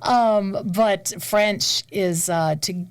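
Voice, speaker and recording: A woman who is an opera singer, talking in a casual interview, animated and laughing often, sometimes dropping to a whisper for emphasis. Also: medium pitch, drawn-out words, clean tone, no room sound. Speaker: guest, opera singer and conservatory staff.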